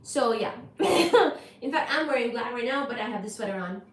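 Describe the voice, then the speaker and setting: A lively woman hosts a casual livestream, chatting with viewers and reading their comments. Her voice sits high and bright, bouncing playfully between greetings. The room around her rings with a noticeable echo. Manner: animated, playful, greets viewers in rapid repeated bursts. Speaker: livestream host.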